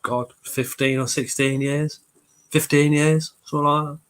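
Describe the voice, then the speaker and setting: A man's voice: on the high side, little pitch movement, normal speed, fairly bright tone, clean tone. A man hosting a casual livestream, reading the chat aloud, swearing freely and fighting a cold. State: has a cold.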